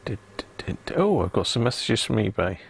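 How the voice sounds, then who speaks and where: A man's voice: fairly low pitch, sing-song, fast talker, gravelly, breathy edge, no room sound. A jovial man hosting a casual live stream, chatting and laughing with his viewers. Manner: jovial, laughing banter with chat. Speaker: live-stream host restoring a vintage radio.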